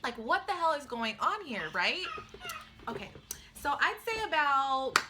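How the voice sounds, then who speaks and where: A young woman in her twenties recounts a story to her vlog audience in an animated, emphatic way. Her voice is bright and forward, pitched a little high. She speaks casually, with a storyteller's punch. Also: a little slow, a little hiss or hum. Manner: animated, emphatic retelling with exclamations. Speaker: vlogger.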